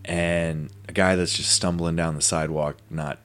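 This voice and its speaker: A man's voice: low-pitched, flat delivery, normal speed, a bit bright. A man hosting a podcast, telling a long story in a rambling, casual way full of fillers and asides. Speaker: podcast host. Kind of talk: casual conversation.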